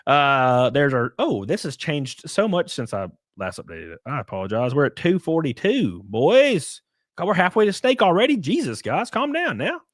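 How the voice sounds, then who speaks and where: A man's voice: a little high, very animated, normal speed, no echo, clean studio sound. A man live-streaming, chatting casually with his viewers, swearing, laughing and thanking them as he goes.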